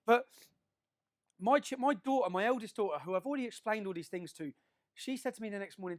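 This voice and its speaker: A man speaking to an audience in a forceful, emphatic way. His voice sits fairly high for a man, and he keeps tagging his points with quick questions to the crowd. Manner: emphatic, with frequent tag questions. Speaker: public speaker. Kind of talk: speech to an audience.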